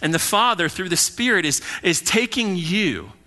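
A young man preaching a sermon as pastor, earnest and emphatic, now and then voicing people in quick asides. His voice sits a little high and rings bright and forceful. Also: animated.

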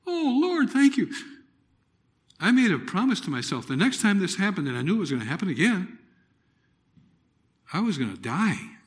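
A middle-aged man preaching a personal testimony, telling it dramatically with loud exclamations and hushed, near-whispered moments. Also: high-pitched, sing-song, normal speed, long pauses. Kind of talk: sermon testimony.

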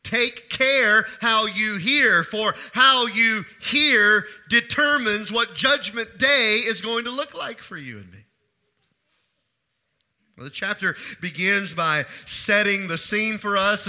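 His voice sits high and carries a bright, forceful tone as this middle-aged pastor delivers a sermon. Key phrases get repeated for emphasis, and he questions the congregation, pausing to let them answer.

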